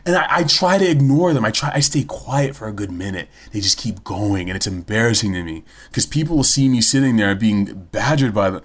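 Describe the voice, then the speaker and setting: A man's voice: on the low side, animated, brisk, hardly any pauses. A young man telling a story in casual podcast chat, blunt and swearing freely. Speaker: podcast co-host.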